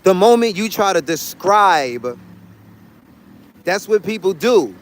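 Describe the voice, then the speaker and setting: A man with a somewhat high-pitched voice speaks in a casual livestream. He rants bluntly to his chat, swearing freely and hammering his points through repetition. He talks from a car or the street in a city. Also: big pitch swings, slow. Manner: blunt, profane, repetitive and emphatic. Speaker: livestreaming traveler talking to chat.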